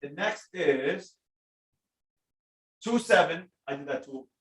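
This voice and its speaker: A man runs a trading stream, answering chat comments in an energetic, slang-heavy way and greeting viewers by name. His voice sits on the high side, though he speaks at a slow pace.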